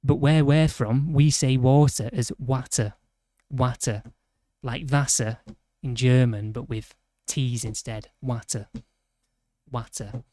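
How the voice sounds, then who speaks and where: A man's voice: mid-range voice, steady tone, mellow, no echo. Yorkshire man in a dry, heated rant. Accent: Yorkshire English. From Yorkshire, England. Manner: rambling, indignant banter with quick restarts. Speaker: livestreamer. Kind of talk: casual gaming stream chat.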